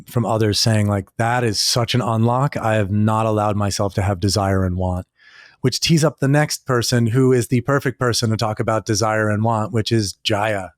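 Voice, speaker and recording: A man's voice: medium pitch, darkish tone, no echo, studio quality. A man hosting his own podcast, reflecting in a candid, casual way and leaning on lots of "like"s. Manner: casual, candid, many filler "like"s. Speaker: podcast host. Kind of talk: solo reflective podcast talk.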